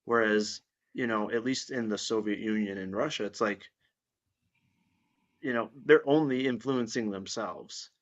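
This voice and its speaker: A man's voice: fairly low pitch, a little slow. A man chatting as a podcast guest, blunt, opinionated and given to swearing. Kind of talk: casual podcast chat. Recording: dull lo-fi sound.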